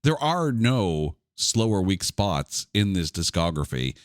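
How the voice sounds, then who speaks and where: Animated low-voiced male podcast host. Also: slow pace, dry recording, clean studio sound. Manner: enthusiastic, animated, casual swearing. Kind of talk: casual chat.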